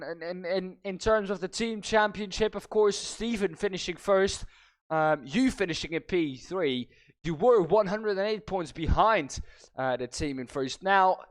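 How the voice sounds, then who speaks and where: A man, a race commentator, putting brisk questions to drivers after a race. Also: sits high, clear, resonant tone. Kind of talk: post-race interview.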